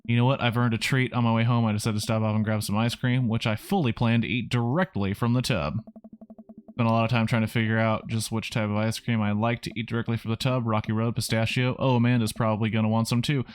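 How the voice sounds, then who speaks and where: A man reading a video game aloud for his stream, casual and wry. His voice sits in an ordinary middle pitch. Soft music plays faintly behind him. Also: level tone, fast, clear, resonant tone. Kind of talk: let's play game reading.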